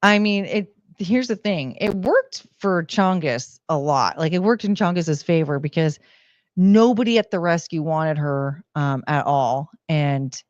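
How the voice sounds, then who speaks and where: A woman's voice: low-pitched, a little slow, no echo. Rambling woman streamer, dull dry sound. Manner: rambling, heavy use of "like" and "um". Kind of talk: casual stream chat. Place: at home. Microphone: desk microphone.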